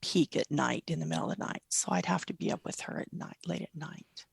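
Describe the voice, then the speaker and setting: A middle-aged woman, a guest mother, telling gentle stories about her daughter in an interview. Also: low-pitched, fairly quick, creaky, slightly rough, no room sound. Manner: tender, animated quoting of her child. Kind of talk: storytelling interview.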